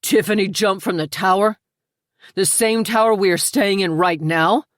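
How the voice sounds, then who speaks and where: An earnest young groom, voiced by a woman narrator, plain and low. The audiobook recording is dry and close. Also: normal speed, no room sound, lightly acted.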